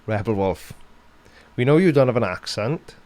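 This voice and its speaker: A man's voice: mid-range voice, animated, moderate pace, a little mellow. A man with a Welsh accent hosting a casual live-stream Q&A, reading out chat questions and answering with dry, sarcastic humour.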